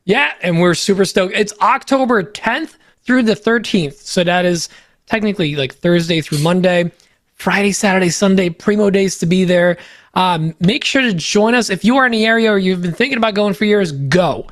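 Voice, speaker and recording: A podcast co-host whose first language is Polish reads sponsor spots in a casual, upbeat way, joking around and loose with filler words. His voice sits high with a fairly bright tone at a normal speed. The recording is dry and clean, with studio sound.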